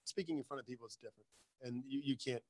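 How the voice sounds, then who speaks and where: A man's voice: mid-range voice, fast, a little mellow. A man interviewing a friend on a podcast, laughing often and teasing. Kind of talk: casual interview chat.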